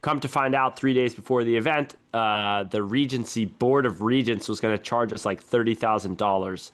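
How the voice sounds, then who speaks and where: A young man hosting a casual podcast, telling his stories in a chatty, animated way. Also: medium pitch, normal speed. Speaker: podcast host.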